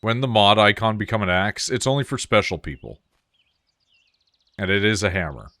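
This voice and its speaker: A man's voice: lowish voice, lively intonation, normal speed, sharp tone, no echo. A man streaming a game, chatting casually with friends, joking and swearing loosely. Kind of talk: casual gameplay chat.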